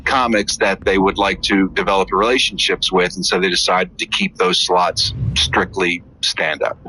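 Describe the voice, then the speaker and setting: A man in relaxed podcast banter with a dry, teasing wit. His voice is bright, and a faint hiss lies under the recording. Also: low voice, normal speed, low-quality recording. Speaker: podcast co-host. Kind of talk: casual chat.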